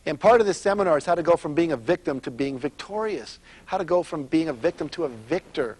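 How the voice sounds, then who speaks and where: A man's voice: fairly high pitch, expressive, fast, darkish tone, slightly rough, no echo. A middle-aged man, a motivational speaker, giving a live seminar talk, telling stories and asking the audience questions. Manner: storytelling, asks the audience questions.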